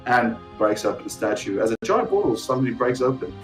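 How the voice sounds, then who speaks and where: A man, a player, casually recapping the last session of a tabletop game with animated quotes. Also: fast, faint music behind, rough recording. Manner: animated, jumps into high voices for quotes.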